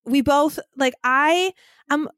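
A woman co-hosting a podcast in casual chat, telling stories in an animated way and laughing often, recording from home apart from her co-host. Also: high-pitched, slow pace, no echo, clean studio sound.

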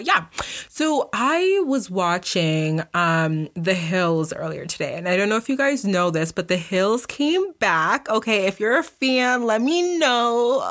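Chatty young woman hosting a podcast. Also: lowish voice. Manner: chatty, rambling, laughs often. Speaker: podcast host. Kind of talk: unscripted casual chat. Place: basement room at home.

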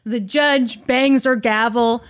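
A woman casually retelling a film's plot to a friend, acting out the characters' lines in quick asides. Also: fairly high pitch, steady tone. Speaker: podcast host retelling a film plot. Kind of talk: casual storytelling chat.

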